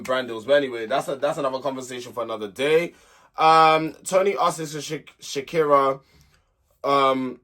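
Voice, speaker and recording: Ranting man, bright voice. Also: a little high. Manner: exasperated, ranting, blunt. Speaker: host of a reality TV recap channel. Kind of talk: casual opinionated recap commentary.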